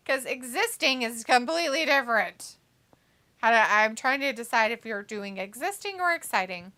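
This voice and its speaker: Female co-host, bright tone, giggly and teasing, reads out live chat. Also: on the high side, expressive, moderate pace. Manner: laughs often, teasing, reads viewer comments aloud. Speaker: co-host reading chat on a wrestling watch-along stream. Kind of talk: casual live-stream chat.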